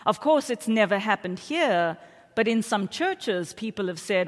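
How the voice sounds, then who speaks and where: A woman's voice: medium pitch, lively intonation, unhurried. A middle-aged woman with a South African accent preaching a sermon in a church, telling stories in a chatty, self-deprecating way with frequent asides to the congregation. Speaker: pastor. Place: church sanctuary. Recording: long church hall reverb.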